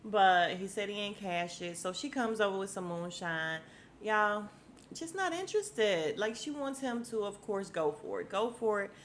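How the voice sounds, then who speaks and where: A woman's voice: medium pitch, moderate pace, a little hiss or hum. A woman hosting a podcast, recapping a TV episode in a casual, slangy way, acting out the characters' lines and laughing often.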